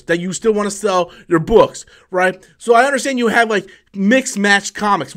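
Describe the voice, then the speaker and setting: A high-pitched man hosting a live stream, talking loosely and heatedly. He swears constantly and trips over his own restarts. His voice sits well above the usual male range. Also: fairly bright tone. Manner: profane, heated, swears often; many fillers and restarts, loose talk. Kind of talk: casual ranting live stream.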